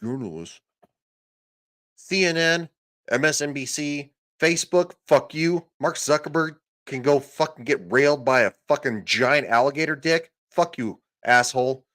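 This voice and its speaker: A man hosting a podcast, loudly yelling and swearing through a political rant. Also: a little high, moderate pace. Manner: loud, profane, yelling. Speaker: podcast host. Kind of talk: ranting political commentary.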